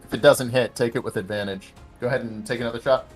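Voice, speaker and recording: A man's voice: mid-range voice, fairly even intonation, quick pace, faint music behind. A man narrating as dungeon master for a tabletop game, loose with fillers.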